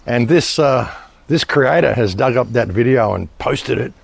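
A man's voice: mid-range voice, expressive, measured pace, creaky, breathy edge, no echo. A man talking straight to his viewers in a casual monologue, rambling and emphatic, often restarting his sentences. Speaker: online commentator.

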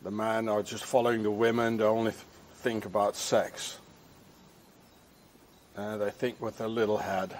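A man with a somewhat low voice delivers an agitated outdoor rant. He scolds in repetitive bursts, leaning on filler phrases, with faint outdoor ambience behind him. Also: little pitch movement, moderate pace, long pauses, darkish tone, a little hiss or hum. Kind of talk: angry street rant to camera.

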